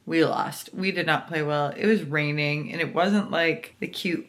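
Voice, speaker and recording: A woman chatting casually in a reading vlog, excitable and gushing about her book and her day. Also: lowish voice. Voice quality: excitable, gushing, quick to squeal. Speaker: book vlogger.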